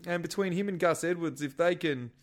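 A man co-hosting a casual sports podcast, animated and swearing freely, his voice jumping up when excited. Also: on the high side, fairly quick. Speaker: podcast co-host.

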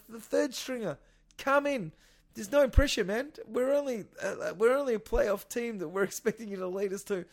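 An excitable man co-hosting a casual sports podcast. He swears freely and often bursts into louder, shouted lines. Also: sits high. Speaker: podcast co-host.

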